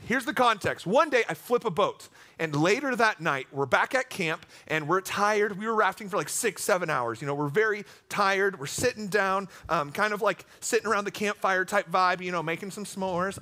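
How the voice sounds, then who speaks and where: A man's voice: high voice, animated, brisk, pushed and bright. A young man telling a rambling, self-deprecating story as a youth pastor, with jokey asides, speaking from a church stage.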